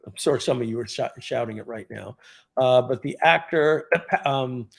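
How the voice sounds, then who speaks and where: A man, a former car dealership general manager, telling a casual story on a live video, clearing his throat often and drifting into rambling asides. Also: mid-range voice, normal speed.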